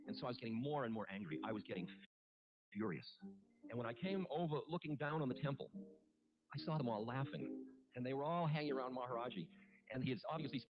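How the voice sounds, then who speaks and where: A man who is a spiritual teacher tells a personal story in a halting, candid, self-mocking way, with many restarts. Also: mid-range voice. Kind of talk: reflective storytelling talk. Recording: muffled archive recording with music. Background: music playing underneath.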